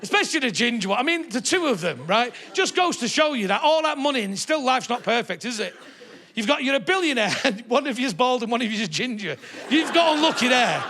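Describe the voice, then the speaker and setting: A man's voice: extremely high pitch, big pitch swings, brisk, pushed and bright. A male stand-up comedian, swearing and mocking in a live comedy set in a theatre. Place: theatre stage before a live audience.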